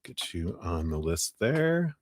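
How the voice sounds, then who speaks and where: Deep-voiced man hosting a chatty live stream. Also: big pitch swings, slow, no room sound, clean studio sound. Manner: chatty, greets viewers warmly, laughs often, drops into quiet asides. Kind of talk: casual live-stream chat.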